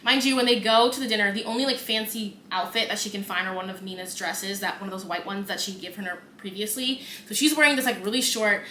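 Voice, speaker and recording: Young woman, podcast co-host, bright voice, animated storyteller, echoey room with faint hiss. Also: medium pitch, quick pace, hardly any pauses. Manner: animated storytelling, acting out scenes, frequent "like" and swearing. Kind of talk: casual chat.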